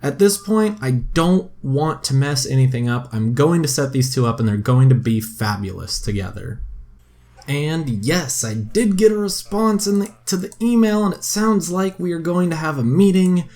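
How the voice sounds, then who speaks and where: A young man giving casual, chatty commentary on a game he is playing, excitable and often crying out in dismay. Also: fairly high pitch, normal speed. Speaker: gaming video host.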